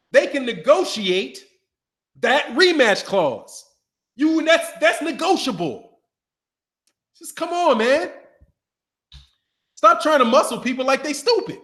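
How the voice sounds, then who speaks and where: High-pitched man, boxing commentator, animated trash-talking rant. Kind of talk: casual rant to camera.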